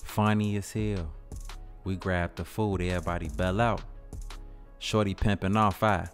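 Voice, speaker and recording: A man's voice: sits low, measured pace, soft background music. A man with a Chicago accent telling a comedic story in slang, jumping into voices. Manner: slangy, animated, switching into voices. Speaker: comedy skit narrator.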